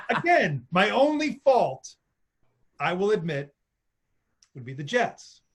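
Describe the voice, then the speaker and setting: High-voiced man ranting about sports. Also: takes it slowly, husky. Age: 40s. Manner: animated, self-mocking sports rant. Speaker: podcast guest, sports broadcaster. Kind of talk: casual storytelling.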